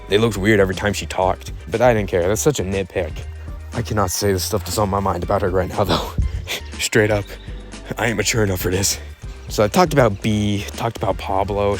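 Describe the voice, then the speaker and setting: A man with a fairly low voice talks through his thoughts in a casual vlog. He rambles in a laid-back way and stumbles and corrects himself often. Faint music plays behind him. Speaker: YouTube channel host.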